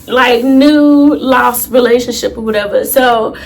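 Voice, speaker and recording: A woman's voice: a little high, a little slow. A young woman, telling a dramatic, profane storytime to her viewers in casual vlog talk. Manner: animated, profane, dramatic retelling with asides to viewers. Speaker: storytime YouTuber.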